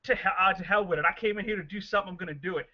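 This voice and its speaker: A man playing a tabletop game, excitable and laughing at his own bad luck. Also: high voice, rapid-fire, highs cut off. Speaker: player.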